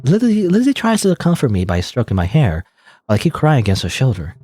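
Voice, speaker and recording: A man's voice: medium pitch, huge pitch swings, fast talker, mellow, husky, soft background music. A man reading a story game aloud dramatically, with joking asides and laughs at his own slips. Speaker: let's play host.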